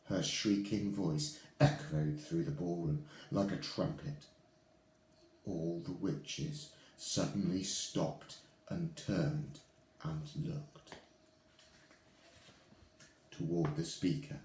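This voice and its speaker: A man reading a children's book aloud to his listeners, with expressive, animated storytelling. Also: low-pitched, extremely slow, pauses often, echoey room.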